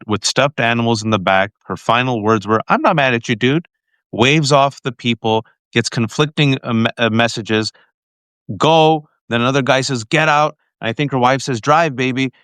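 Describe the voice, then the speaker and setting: A man's voice: mid-range voice, bright, forceful tone, smooth, no echo. Male host, live stream, urgent, earnest, dry audio. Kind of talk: live-stream political talk. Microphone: phone mic.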